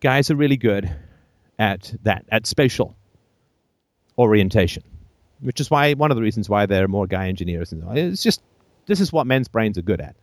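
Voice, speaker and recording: A man's voice: on the low side, expressive, normal speed, no echo, clean studio sound. A man hosting a call-in show, giving blunt, emphatic advice full of profanity and jokey asides.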